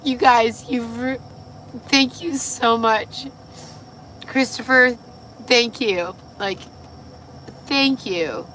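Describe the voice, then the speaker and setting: A woman hosting a casual livestream, a little tipsy and hoarse, gushing and swearing as she reads viewer comments. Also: mid-range voice, bright, forceful tone, slight background noise. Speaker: livestream host.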